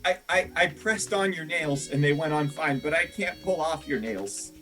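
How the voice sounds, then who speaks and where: A man's voice: on the high side, moderate pace, bright, forceful tone, soft background music. A man voicing a pleading, stammering customer in an improvised comedy sketch. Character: panicked male customer stuck with nails.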